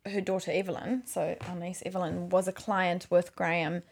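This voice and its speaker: A woman's voice: lowish voice, little pitch movement, normal speed, vocal fry, husky. A woman, rambling and correcting herself in casual chat about her video work. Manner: chatty, rambling, self-correcting. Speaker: video maker.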